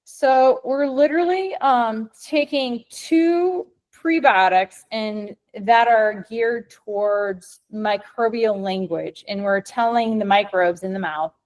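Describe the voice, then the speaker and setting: With a fairly high, slightly mellow voice that takes its time, a Minnesota woman with a Midwestern American accent co-founded the company she's presenting for. Her informal video-call webinar to vets is rambling and upbeat, full of ums and restarts.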